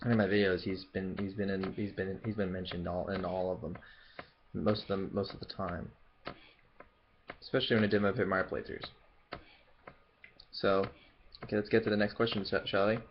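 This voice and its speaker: Speaking low with little pitch variation, this young man moves at a moderate pace and leaves long pauses. He's a Memphis YouTuber without a Southern accent, loosely chatting through a Q&A vlog with many fillers and false starts, recorded muffled with faint hiss or hum.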